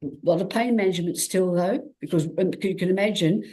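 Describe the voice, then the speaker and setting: Her voice is lowish and a little fast: an Australian athlete appearing as an interview guest. She tells her story frankly and with energy, voicing quoted exchanges and restarting her sentences a lot.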